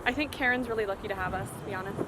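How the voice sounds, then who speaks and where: Joking woman vlogging over loud street noise. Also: mid-range voice, racing. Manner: joking, rambling banter. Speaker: vlog host. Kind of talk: casual travel vlog chat. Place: outdoors, walking city streets and a cemetery.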